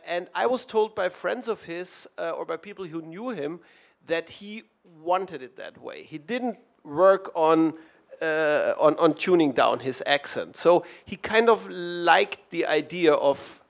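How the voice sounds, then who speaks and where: A man's voice: a little high, a little slow, vocal fry. A man speaking on an academic panel, hesitant and self-correcting, hedging his points. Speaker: panelist at a literary roundtable.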